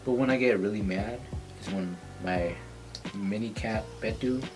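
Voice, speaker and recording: Low-voiced laid-back man, podcast guest. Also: measured pace, music in the background. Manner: laid-back, short replies. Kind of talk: casual chat.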